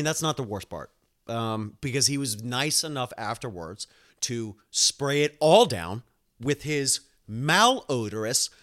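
A man hosting a casual podcast, telling a long story with laughs, swearing and quick acted-out quotes. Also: on the high side. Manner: animated, laughing, swearing, acts out voices in quotes. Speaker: podcast host.

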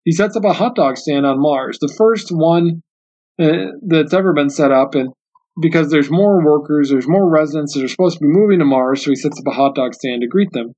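A man with a fairly high voice hosts a solo book podcast, talking earnestly and reflectively and often restarting his sentences. He reads quoted passages slowly and carefully. The audio sounds dull and muffled, like a lo-fi recording. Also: a little mellow. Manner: slow, careful reading of passages aloud. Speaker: podcast host.

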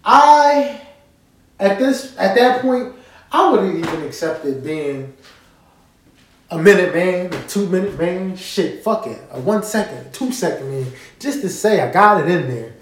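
A man casually telling a story straight to his listeners, animated and profane, often checking that they follow him. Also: high voice, unhurried, slight background noise. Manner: animated, profane, keeps asking listeners to agree. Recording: roomy echo.

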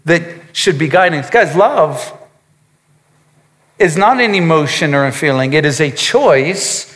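A man's voice: fairly high pitch, animated, a little slow, a bit bright, in a large hall. A man preaching a sermon as a pastor, emphatic, with repetitions and asides to his congregation.

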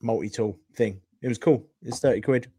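A British man co-hosting a casual podcast, speaking in a slow, relaxed way. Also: mid-range voice, husky, no echo. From United Kingdom. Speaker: podcast co-host.

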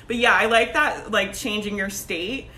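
Bright, chatty woman coach talking to camera. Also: mid-range voice, unhurried, slight background noise. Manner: chatty and energetic, laughs often, says like and right a lot. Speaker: business coach hosting a Facebook group live video. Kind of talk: casual motivational live-stream talk.

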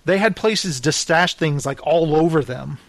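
Pria bercerita film dengan antusias. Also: male voice, fairly high pitch, a little slow, creaky, dry recording. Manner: animated retelling, acts out quoted lines. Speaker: film podcast co-host. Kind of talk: casual film discussion.

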